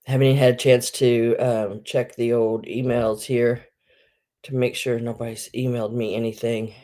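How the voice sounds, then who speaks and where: Speaking at an extremely low, mellow pitch with little movement in it, a middle-aged woman runs a live online sale at a moderate pace. She rambles in casual chat and greets viewers by name, her voice groggy as she has just woken up.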